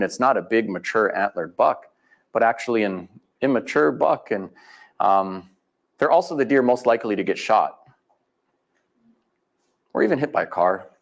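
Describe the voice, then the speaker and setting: A middle-aged man giving a talk as guest speaker, telling stories in a folksy way and acting out the people he quotes. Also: medium pitch. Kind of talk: storytelling lecture. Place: live event venue.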